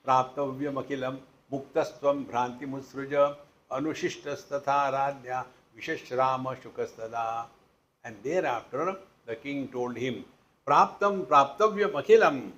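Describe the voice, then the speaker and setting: A man's voice: medium pitch, a little hiss or hum, poor audio. A man with an Indian accent giving a Vedanta discourse, teasing his listeners and acting out the people in his stories. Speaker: spiritual teacher.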